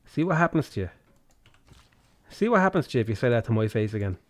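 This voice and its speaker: A threatening, swearing hard man with a rough Dublin accent, spoiling for a fight, as a streamer puts him on. His talk is slangy and mocking. He is ready to square up to anyone who crosses him. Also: medium pitch, big pitch swings, fast, lightly acted. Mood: menacing.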